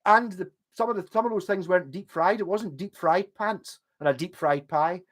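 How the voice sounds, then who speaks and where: A man's voice: high-pitched, moderate pace, fairly bright tone. A man with a posh Glasgow accent, rambling and swearing casually as he chats on a livestream. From Scotland. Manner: chatty, swears, wanders between stories. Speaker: livestream host.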